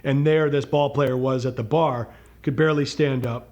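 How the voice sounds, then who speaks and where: A man's voice: medium pitch, steady tone, normal speed, a little mellow, muffled recording. A man co-hosting a podcast, talking in a chatty, conversational way. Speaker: podcast co-host. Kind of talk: casual chat.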